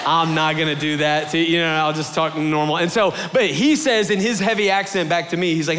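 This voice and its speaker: A man's voice: a little high, fast, few pauses, a little hiss or hum. A man preaching a sermon, telling a travel story in a chatty, conversational way, often calling his listeners "you guys" and restarting his sentences. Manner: animated retelling with fillers and restarts. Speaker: pastor.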